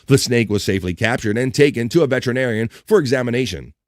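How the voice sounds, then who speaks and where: A man hosting a live stream, reading offbeat news and chat comments aloud in a jokey, animated way. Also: mid-range voice, fast talker, no room sound, studio quality. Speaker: live-stream show host. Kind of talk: casual news read and chat.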